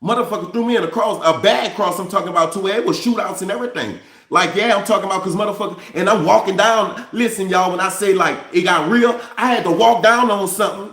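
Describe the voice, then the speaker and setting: A man's voice: sits high, fast, fairly bright tone, echoey room. A man, speaking straight to his viewers in a candid, repetitive storytelling monologue. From New Orleans. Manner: repetitive, restarts phrases, addresses viewers as y'all. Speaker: vlogger.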